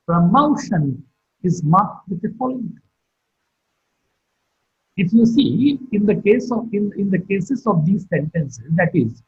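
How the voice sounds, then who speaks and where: A man giving a phonetics lecture online, speaking slowly and deliberately and repeating example sentences with stress on the last word. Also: high-pitched, breathy edge. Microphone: computer or phone mic for online class. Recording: dull, muffled lo-fi audio.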